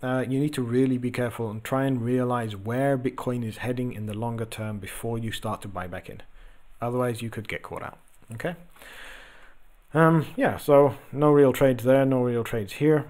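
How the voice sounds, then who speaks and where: A man's voice: medium pitch, darkish tone. Chatty man hosting crypto commentary. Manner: loose and chatty, lots of ums and uhs. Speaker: host of a crypto trading channel. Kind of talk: casual chart commentary, reading viewer messages.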